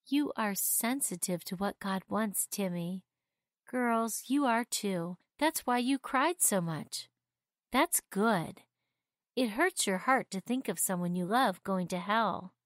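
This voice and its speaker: A woman voicing a warm mother who gently and calmly explains things to her children in a storybook. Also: medium pitch, takes it slowly, dry recording, studio quality. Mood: reassuring.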